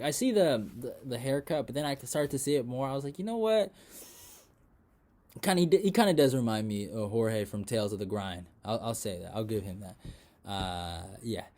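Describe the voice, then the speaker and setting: A young man hosting a casual fight recap, rambling with many fillers and restarts, dropping into mumbles, then bursting out loud and excited. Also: medium pitch, fast talker. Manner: rambling, lots of fillers and restarts, swears freely; swings from mumbled asides to excited loud outbursts. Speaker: MMA predictions channel host.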